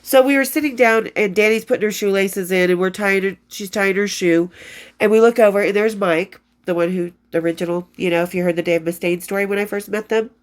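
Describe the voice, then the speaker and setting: A woman's voice: mid-range voice, steady tone, brisk. A woman in her fifties reading from her old diary and telling rock stories in a rambling, profane way, often losing her place and starting over. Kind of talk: casual storytelling, reading diary entries.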